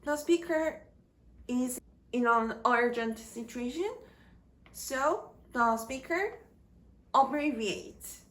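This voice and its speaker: Slow, deliberate woman teaching grammar. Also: high voice, a bit bright. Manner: slow, deliberate, halting phrase by phrase. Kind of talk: slow scripted grammar lecture.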